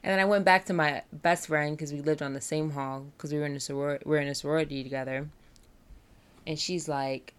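A woman's voice: sits low, fairly even intonation, fairly quick, smooth. A young woman, a college student, talking candidly and earnestly about mental health and self-love. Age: young adult. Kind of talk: personal talk on mental health.

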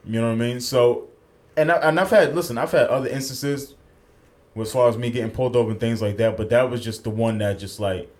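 A man's voice: mid-range voice, brisk. A man co-hosting a podcast, telling a story in casual chat, acting out the quotes and swearing freely, at a studio mic. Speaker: podcast co-host.

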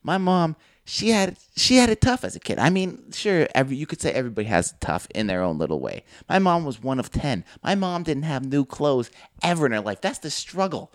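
A young man co-hosting a casual podcast, telling an animated story and swearing freely. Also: a little high, a little fast, hardly any pauses, dry recording, clean studio sound. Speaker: podcast co-host.

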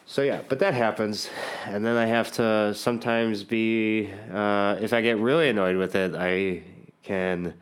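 A man's voice: lowish voice, steady tone, measured pace. A man in a casual, rambling monologue, cursing often and sardonic, trailing off mid-thought.

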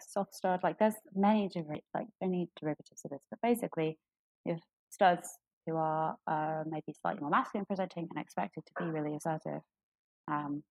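Low-pitched woman, candid casual talk, dry close sound. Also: creaky, dry recording, low-quality recording. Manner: candid and animated, jumps into high voices for quotes. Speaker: podcast co-host. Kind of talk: casual chat.

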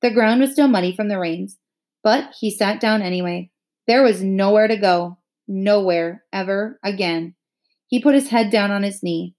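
Lady reading a kids novel out loud, expressive, middle pitch, gets intense. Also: normal speed. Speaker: narrator.

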